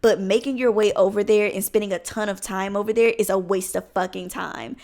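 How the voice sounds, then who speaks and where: A woman's voice: mid-range voice, fairly even intonation, fairly quick, a little mellow. Blunt, rambling young woman vlogging. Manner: candid, blunt, swears freely, rambling with restarts. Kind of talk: casual talking-head vlog.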